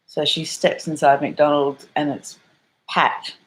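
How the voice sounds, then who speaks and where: A woman's voice: deep voice, little pitch movement, slow, a little hiss or hum, low-quality recording. Chatty middle-aged Australian woman vlogger. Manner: chatty and rambling, with frequent swearing and slang. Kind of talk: casual storytelling vlog.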